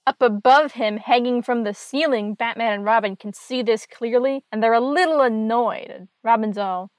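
A woman's voice: fairly high pitch, normal speed, hardly any pauses, no echo. A woman hosting a podcast, casually recapping a comic story with wry, dry asides.

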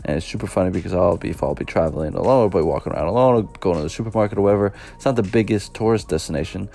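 A man's voice: low-pitched, very fast, vocal fry, mellow. A man, hosting a solo podcast in a rambling, chatty way and laughing often. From United States. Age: 20s. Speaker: podcast host. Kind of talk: casual solo podcast monologue.

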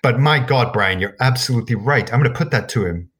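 A man's voice: mid-range voice, fast, slightly rough. A man with a Scottish accent co-hosting a podcast in casual chat, swearing freely and acting out what others said. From Scotland. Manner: animated, swearing, acts out quotes. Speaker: podcast co-host.

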